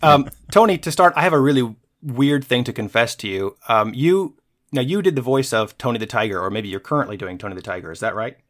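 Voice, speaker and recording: A man's voice: medium pitch, lively intonation, brisk, a bit bright. A man hosting a podcast, chatting casually and laughing easily with his guest. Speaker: podcast host.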